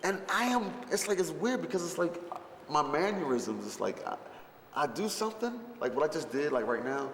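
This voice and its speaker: A man's voice: a little high, sing-song, moderate pace, creaky. A man in an interview, telling stories in a rambling, profane way and packing his talk with fillers. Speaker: rapper recalling a film shoot. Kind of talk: interview reminiscence. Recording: roomy space with long reverb, faint background noise.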